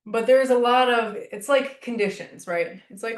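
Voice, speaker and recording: A woman's voice: a little high, moderate pace, hardly any pauses, echoey room. A woman leading a class in a casual coaching style, speaking emphatically, repeating herself for effect and swearing casually. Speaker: class facilitator.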